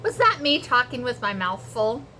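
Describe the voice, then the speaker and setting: Bright-voiced chatty homesteading woman. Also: fairly high pitch, big pitch swings, normal speed, a little hiss or hum. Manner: chatty, homey, talks to viewers as friends. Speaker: homesteading vlogger. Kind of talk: casual chatty vlog. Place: home kitchen and garden.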